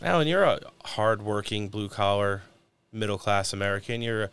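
A man's voice: fairly low pitch, lively intonation, normal speed, fairly bright tone, smooth. A man hosting a podcast, casually asking long leading questions and chatting, with plenty of fillers. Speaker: podcast host. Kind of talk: casual political chat.

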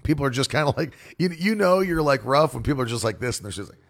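A man who preaches and broadcasts, talking casually to his audience in a forceful, demonstrative, animated way. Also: mid-range voice, fast, creaky. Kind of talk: casual monologue.

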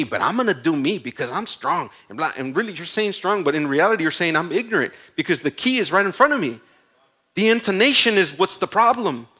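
A man preaching a sermon in a conversational, animated way, full of asides and stories. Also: fairly high pitch.

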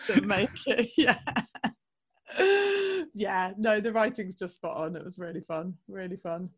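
A woman's voice: mid-range voice, steady tone, a little slow, husky. Giggly, chatty English woman. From England. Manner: giggly, chatty, many fillers. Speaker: comedy voice actor, guest. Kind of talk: casual interview chat.

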